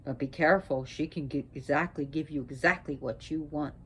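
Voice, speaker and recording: A woman speaking as a priestess, sick and short of breath, talking in a slow, halting way with restarts. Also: deep voice, slightly rough. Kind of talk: spoken talk on mythology.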